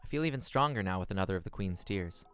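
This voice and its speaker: A man's voice: sits low, expressive, quick pace, a bit bright, clear, resonant tone. A man streaming a video game, commenting casually and reading game text aloud in a playful, goofy way.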